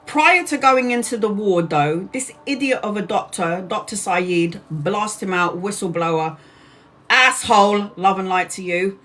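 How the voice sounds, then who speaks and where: A woman's voice: mid-range voice, a little slow. A woman in her forties, a tarot reader livestreaming, angrily retelling a personal story to her viewers, swearing and acting out what others said. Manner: angry, animated retelling with swearing and acted-out quotes.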